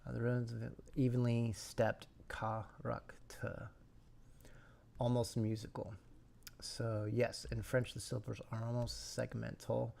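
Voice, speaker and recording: A man streaming a language study session, thinking aloud and slowly repeating syllables to practice pronunciation, sometimes dropping to a whisper. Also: mid-range voice, monotone, gravelly, mellow, a little hiss or hum. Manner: slow, repeats sounds and syllables, drops to a whisper at times.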